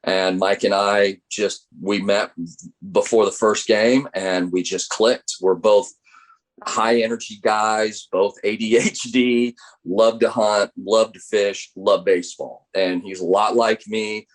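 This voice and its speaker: A man's voice: lowish voice, slow pace. A middle-aged man, a college baseball coach, telling stories in an interview and acting out the voices of the people he quotes. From United States. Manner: animated storyteller acting out quoted dialogue. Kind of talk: interview storytelling.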